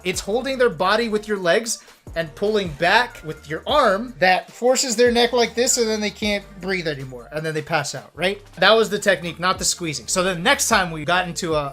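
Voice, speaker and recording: A man in his thirties, a streamer telling stories to a webcam in an animated, profane way, laughing now and then. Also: high-pitched. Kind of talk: casual storytelling to camera.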